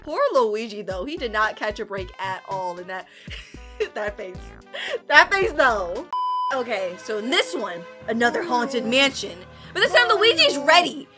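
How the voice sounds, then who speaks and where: A young woman hosting a casual reaction video, animated and giggly, talking straight to her viewers. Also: sits high. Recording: music playing underneath.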